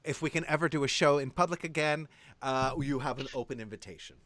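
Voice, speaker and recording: A man's voice: a little high, fast talker, a bit bright, no echo. A man co-hosting a casual livestream, chatty and upbeat, laughing often. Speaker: co-host.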